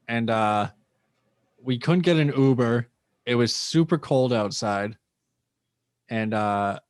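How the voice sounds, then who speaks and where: A man's voice: medium pitch, no echo, clean studio sound. Profane young man telling a story. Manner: loose, profane storytelling with acted-out quotes. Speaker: comedian guest. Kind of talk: casual storytelling.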